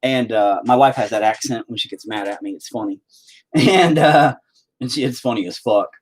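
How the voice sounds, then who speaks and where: A man's voice: mid-range voice, normal speed, slightly rough. An American man who hosts his own channel rants casually and profanely while painting, with sarcastic asides. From United States. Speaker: channel host.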